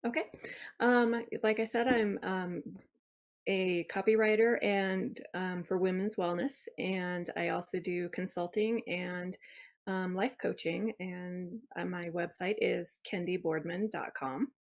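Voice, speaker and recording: A woman's voice: on the low side, steady tone, takes it slowly. Earnest woman guest with many ums. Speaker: guest, wellness copywriter and coach. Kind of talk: casual interview chat.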